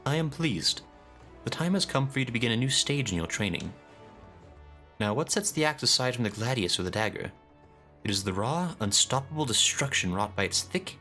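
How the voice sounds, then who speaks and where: A man's voice: lowish voice, sharp tone, pitched above the performer's own voice. A man reading as a solemn axe guild master.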